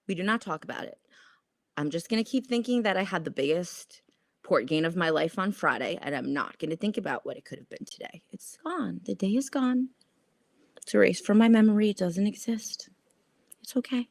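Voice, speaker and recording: A lowish-voiced woman reads viewer comments on her casual stock trading livestream, profane and lively and laughing at herself. The recording is dry and studio quality.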